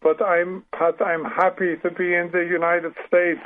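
An older man in his seventies speaks with a German accent over a tinny phone line. His voice sits high and he talks slowly and earnestly, stumbling and restarting often. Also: little pitch movement, a little hiss or hum. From Britain, raised in Paraguay. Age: 70s. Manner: earnest, halting, many restarts. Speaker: guest author. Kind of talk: phone-in radio interview. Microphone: telephone.

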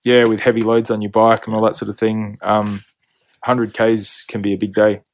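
Male host, weary, rambling and jokey, middle pitch, close dry sound. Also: flat delivery, normal speed, no room sound. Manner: rambling, jokey, laughs often. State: tired at day's end. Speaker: podcast host. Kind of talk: casual trip recap chat. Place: backcountry hut.

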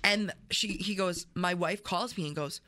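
A woman's voice: on the low side, unhurried. A woman co-hosting a morning radio show, telling a story in casual banter and acting out the voices of the people in it. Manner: chatty, animated storyteller acting out quotes. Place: radio studio. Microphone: studio microphone.

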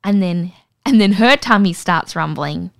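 A woman, co-hosting a casual podcast and telling an animated story, acting out the voices. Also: fairly low pitch, unhurried, creaky, no echo. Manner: animated, acts out voices in stories. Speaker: podcast co-host.

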